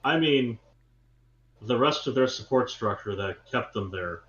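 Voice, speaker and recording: A man's voice: mid-range voice, lively intonation, measured pace, fairly bright tone. Blunt American man in a roomy, dull room. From United States. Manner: blunt, combative. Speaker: podcast co-host. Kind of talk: casual chat. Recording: roomy, dull remote audio.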